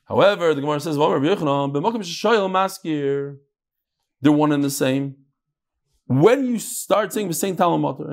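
A man teaching a daily Talmud class, asking questions aloud and mixing untranslated Aramaic and Hebrew terms into his English. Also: creaky. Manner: animated, leaps between loud questions and low asides.

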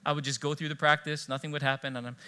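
A man preaching a sermon as pastor, telling personal stories in an animated way and acting out the dialogue. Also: on the high side, rapid-fire, clean tone. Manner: animated storytelling, acting out dialogue, frequent laughs.

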